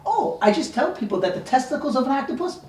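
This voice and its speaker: A woman's voice: high-pitched, sing-song, fast, darkish tone, a little hiss or hum. A woman playing an eager patient who keeps reciting trivia, chirpy, in a stage comedy. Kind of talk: community theater comedy. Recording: echoey stage from far off.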